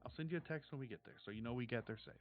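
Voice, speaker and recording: A man voicing a frazzled mother who is leaving with her kids, rushed, pushy and swearing. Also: mid-range voice, dull audio, faint music behind, natural voice. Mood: insistent.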